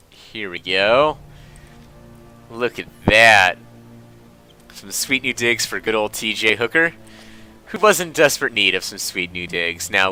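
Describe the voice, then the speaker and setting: A man's voice: on the low side, sharp tone, clear, resonant tone. A man casually commenting on his video game playthrough, making wry, chatty asides. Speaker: let's play host.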